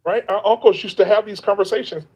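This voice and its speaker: Earnest guy on a muffled live stream, mellow voice a bit high, keeps restarting his sentences. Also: fairly even intonation, fast talker, husky. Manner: earnest, emphatic, repeats himself and restarts often. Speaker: guest on a livestream, content creator. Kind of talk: casual livestream chat.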